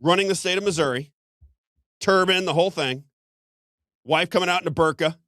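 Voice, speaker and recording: Fast, heated male talk-show host. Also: high voice, a bit bright, no echo, clean studio sound. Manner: heated, rapid, with stumbles and repeated restarts. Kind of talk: political commentary.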